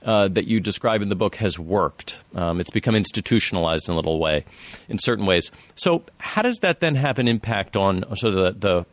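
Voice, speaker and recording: Male interviewer, low voice, thoughtful halting questions, dry close mic. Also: expressive, no room sound. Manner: halting questions with fillers and restarts. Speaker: podcast interviewer.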